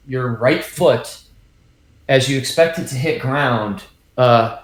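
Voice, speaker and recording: A man narrating as dungeon master in a tabletop game, halting, with many ums and restarts. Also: medium pitch, slight background noise. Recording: roomy echo.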